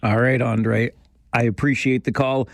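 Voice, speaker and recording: A man's voice: medium pitch, level tone, a little slow, no echo. A man hosting a call-in radio show, taking callers with dry, sarcastic banter. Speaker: radio talk show host. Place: radio studio.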